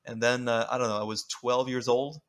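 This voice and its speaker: A man's voice: mid-range voice, level tone, a little fast, a bit bright. A man guest on a podcast, chatting casually, laughing and swearing as he tells stories. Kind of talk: casual chat.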